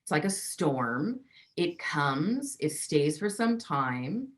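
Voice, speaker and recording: Emphatic lower-voiced woman coach. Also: sing-song, takes it slowly. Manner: emphatic, acts out inner voices. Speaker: relationship coach guest. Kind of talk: teaching interview talk.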